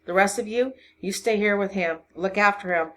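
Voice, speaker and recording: A woman voicing a gruff rural male constable, loud and bossy with folksy country grammar. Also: medium pitch, normal speed, lightly acted.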